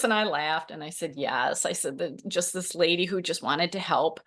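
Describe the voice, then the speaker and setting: A woman in her forties hosting a podcast, telling stories with lively laughs and acted quotes. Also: low voice, moderate pace. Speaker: podcast host, program founder. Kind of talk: solo podcast talk.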